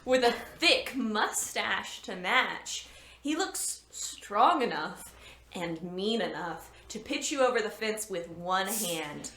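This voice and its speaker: A woman's voice: mid-range voice, lively intonation, slow pace, pushed and bright. A woman reading a spooky book aloud to friends, playful and laughing between lines. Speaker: podcast guest reading aloud. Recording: echoey room with faint noise.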